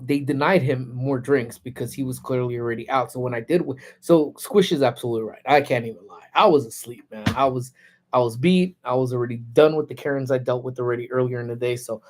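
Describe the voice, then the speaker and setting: Man host telling a story on a lunchtime livestream, laid-back and slangy, mid pitch. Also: a little mellow. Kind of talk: casual storytelling. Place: parked car.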